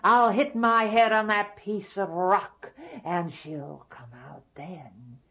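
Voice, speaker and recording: A woman's voice: mid-range voice, fairly even intonation, takes it slowly, a bit bright, highs cut off, pitched above the performer's own voice. A woman voicing a huge, raging male giant in a told folk tale, blustering.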